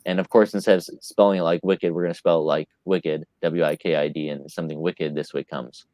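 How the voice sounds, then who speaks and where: A man's voice: very deep voice, fairly even intonation, fairly quick, darkish tone, no echo. A man co-hosting a casual podcast, talking with enthusiasm and often calling the others "man.". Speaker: podcast co-host and magazine publisher.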